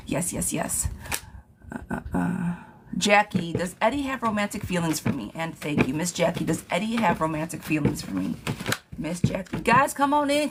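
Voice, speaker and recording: This tarot reader speaks at a medium pitch over a noisy background. She works through yes-or-no readings live, reading out viewers' questions in a relaxed way and thanking people who comment.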